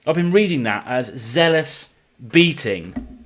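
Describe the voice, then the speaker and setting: A man's voice: medium pitch, normal speed. A man with a British accent streaming live, chatting casually and reading card names aloud as he opens packs. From United Kingdom. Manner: chatty, reads card names in a running list.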